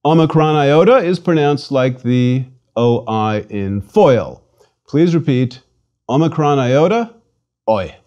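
A man's voice: on the high side, animated, takes it slowly, darkish tone, highs cut off. A man giving a scripted pronunciation lesson, patient and repeating words for the listener to drill. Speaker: language lecturer. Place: studio.

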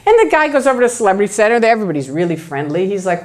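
A woman's voice: medium pitch, rapid-fire. A woman giving a public talk, telling stories and acting out the voices of the people in them. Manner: animated, acts out voices of others. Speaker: guest speaker.

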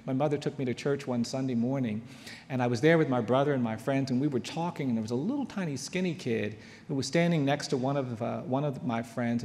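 A man from the United States telling a personal story in an earnest talk, slowing down and repeating phrases for weight. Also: mid-range voice, gravelly, a little mellow, big-room sound. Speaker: speaker. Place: large hall.

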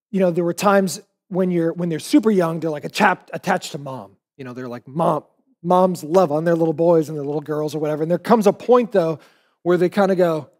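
Pastor, man in his forties, high voice, animated storytelling sermon.

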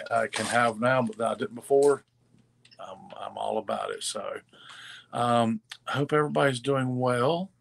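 Gravelly-voiced man chatting on a livestream. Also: mid-range voice, fairly bright tone. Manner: halting, many fillers and restarts; friendly greetings to viewers by name. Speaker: livestream co-host reading viewer comments. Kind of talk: casual live-stream chat.

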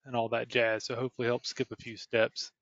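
A man's voice: medium pitch, a little fast, no echo. Casual man explaining laser settings. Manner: relaxed, explanatory, with fillers. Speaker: laser tech webinar host. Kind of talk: casual technical chat. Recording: dull lo-fi webinar audio.

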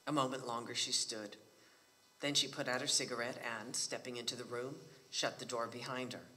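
A man reading a novel aloud at a library book talk, with a measured storytelling cadence. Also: mid-range voice, steady tone, pushed and bright, big-room sound, a little hiss or hum.

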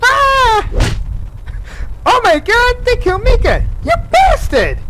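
A man voicing a shocked, outraged cartoon boy who yells shrilly. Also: extremely high pitch, huge pitch swings, slow, noisy background, pitched above the performer's own voice, full character voice.

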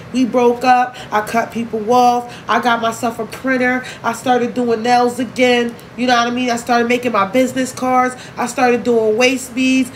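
Young woman vlogger, frank, emotional, profane; slightly high voice, faint noise. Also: rough recording. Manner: candid, emotional, profane, fast-shifting. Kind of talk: emotional casual vlog talk.

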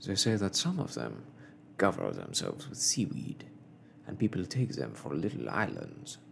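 A man voicing a polite, precise young manservant in a soft, measured whispered role-play. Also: rumbling low, wildly swooping pitch, vocal fry, slight background noise, pitched below the performer's own voice, heavily acted. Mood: earnest.

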